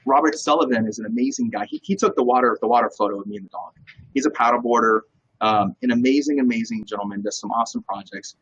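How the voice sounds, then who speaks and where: Fast, husky man telling animated stories. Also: mid-range voice, muffled recording. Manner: energetic, animated storyteller. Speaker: real estate broker, guest. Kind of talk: casual interview talk.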